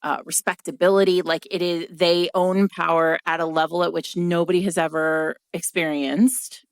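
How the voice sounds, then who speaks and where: A woman's voice: fairly low pitch, level tone, normal speed, smooth, dry recording, studio quality. A middle-aged woman co-hosting a podcast in casual chat, talking in a chatty, thoughtful way with frequent asides. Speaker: podcast co-host.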